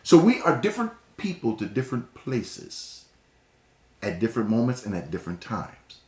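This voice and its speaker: A man's voice: mid-range voice, huge pitch swings, normal speed, roomy sound. A man from Northeast Ohio with a slight Texas drawl, giving an emphatic motivational talk and often repeating words. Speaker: speaker.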